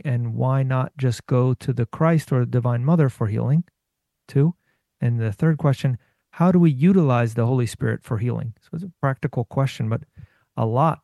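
A man reads out listener questions to a guest in a steady, plain manner. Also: mid-range voice, creaky, no room sound. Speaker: interviewer reading listener questions. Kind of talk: reading questions aloud.

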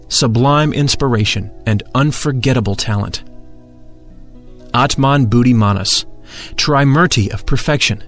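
Male narrator, mid-pitched, calm scripted spiritual reading, faint music.

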